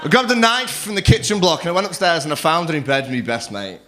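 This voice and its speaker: Man, stand-up comedian, young adult, cheeky and crude, highish voice. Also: big pitch swings, bright, forceful tone, a little hiss or hum. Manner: crude, cheeky storytelling, acting out others in quick quoted voices. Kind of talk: stand-up set. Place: comedy club stage. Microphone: stage microphone.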